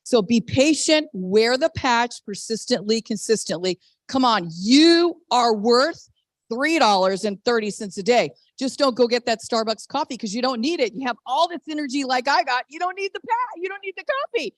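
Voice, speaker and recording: Middle-aged woman, highish voice, excitable storyteller on a dry close video call mic. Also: normal speed, no echo. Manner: animated, exclamatory storytelling with laughs. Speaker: network marketing presenter. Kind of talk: testimonial on a team video call.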